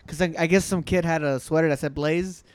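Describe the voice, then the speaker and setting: A man's voice: on the high side, steady tone, brisk, a little mellow, clean tone. A young man in casual chat, telling rambling stories and acting out what people said. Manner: rambling storyteller who acts out quotes.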